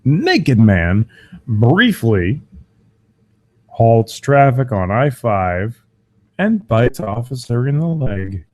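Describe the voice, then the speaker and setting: A man's voice: mid-range voice, drawn-out words, pauses often, no room sound. A man hosting a crude comedy podcast, swearing and mocking the news, his voice strained. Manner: profane, mocking, animated. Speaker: podcast host.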